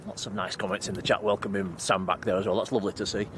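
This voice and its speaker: A man's voice: fairly low pitch, level tone, fast, background noise. A man hosting a live stream outdoors, chatting and thanking viewers by name. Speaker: livestream host. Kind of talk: live stream chat, reading comments. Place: outdoors at night near an airport.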